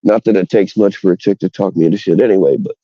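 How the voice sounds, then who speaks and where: A man's voice: sits low, steady tone, quick pace, dark tone, no room sound, dull audio. A man hosting a livestream, rambling through crude jokes in casual chat with his viewers. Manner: rambling, bawdy, joking. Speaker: livestream host.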